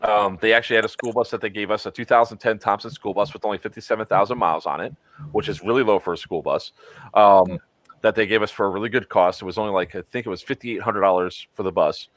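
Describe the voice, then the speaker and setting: Male stream host, lowish voice, rambling and casual, dry sound. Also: fairly even intonation, fast talker, a bit bright, dry recording. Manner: rambling, with frequent ums. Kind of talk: casual chat.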